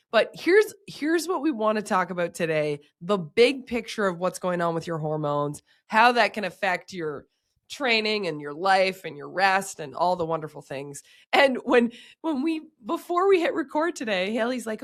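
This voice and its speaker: A woman hosting a podcast with a hoarse, sick voice, explaining health topics in casual chat. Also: mid-range voice, expressive, moderate pace, a bit bright. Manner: upbeat, explains physiology step by step. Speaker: podcast host.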